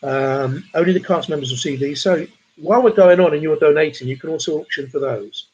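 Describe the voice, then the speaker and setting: A man's voice: fairly high pitch, a little fast, a little mellow, muffled recording, a little hiss or hum. A man hosting a charity pub quiz livestream, chatting and reading out donors' messages between the questions. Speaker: quiz host.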